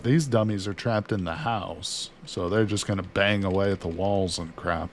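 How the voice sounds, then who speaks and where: A man with a lowish voice talking through a survival game in a loose, chatty way. He narrates his moves and talks to his character as he goes. Faint background noise sits under his voice. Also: normal speed. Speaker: gaming streamer. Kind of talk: casual let's-play commentary.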